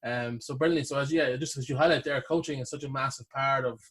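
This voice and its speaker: A man's voice: mid-range voice, steady tone, fast talker, fairly bright tone. A man from Ireland hosting a casual interview, thinking aloud in a chatty way with plenty of fillers. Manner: chatty, thinks aloud with frequent uhs and yous. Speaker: interviewer, host.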